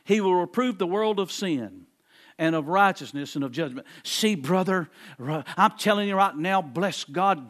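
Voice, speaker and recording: A man preaching a sermon as pastor, emphatic and repetitive, moving between quiet asides and loud proclamations. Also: high voice, expressive, normal speed.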